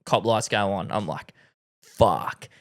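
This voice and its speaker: A man's voice: on the low side, takes it slowly. A young Australian man hosting a podcast, telling stories in a casual chat with lots of swearing and slang. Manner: laid-back storytelling, heavy swearing and slang. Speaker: podcast host.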